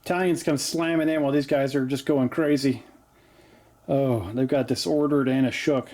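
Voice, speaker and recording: A man's voice: mid-range voice, fairly even intonation, moderate pace, a little mellow. A man hosting a tabletop wargame battle report, calling dice rolls in a chatty, joking way with lots of fillers. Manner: chatty, jokey, frequent "uh" fillers. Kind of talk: casual battle report commentary. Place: home basement.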